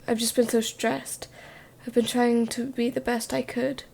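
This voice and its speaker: A woman's voice: a little high, level tone, unhurried, creaky, darkish tone. A woman voicing a hot-tempered young male hero student in a whispered role-play, snapping and cursing. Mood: remorseful.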